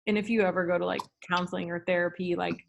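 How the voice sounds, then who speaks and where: A woman's voice: on the low side, flat delivery, fast talker, creaky, slight background noise. A woman talking casually on a video call, full of "like" and "um" fillers. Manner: chatty, lots of "like" and "um" fillers. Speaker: guest. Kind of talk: casual Zoom chat.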